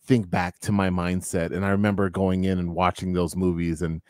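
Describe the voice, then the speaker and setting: Deep voiced guy in his 30s, laid-back, stammers a lot, dry sound. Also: level tone, fairly quick, darkish tone, no echo. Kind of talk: casual chat.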